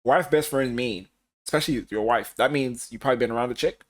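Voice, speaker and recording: A man co-hosting a podcast, chatting casually and acting out quotes in animated bursts. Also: medium pitch, quick pace. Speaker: podcast co-host.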